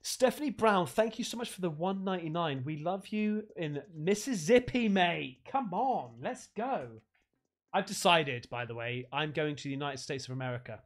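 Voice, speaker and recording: Excitable English streamer with a lively voice. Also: male voice, fairly high pitch, normal speed. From England. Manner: swears freely, laughs often, excitable. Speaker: streamer opening fan gifts. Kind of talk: casual livestream chat.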